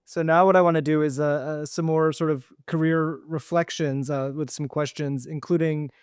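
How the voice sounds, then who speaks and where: A male podcast host asking measured questions, with frequent ums and uhs. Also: on the high side, flat delivery, a little mellow, clear, resonant tone, no room sound, studio quality. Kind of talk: podcast interview.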